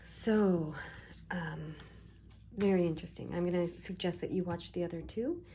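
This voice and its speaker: A woman giving a casual tarot reading, soft-spoken and reassuring, often slipping into a half-whisper as she muses over the cards. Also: fairly low pitch, moderate pace, slight background noise. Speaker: tarot reader.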